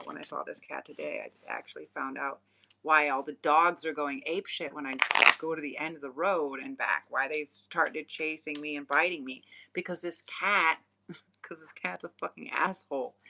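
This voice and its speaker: In a casual, rambling chat, a young adult vlogger and spiritual channeler laughs frequently and swears with loose slang. The mid-range voice is pushed and bright, and a little hiss or hum can be heard.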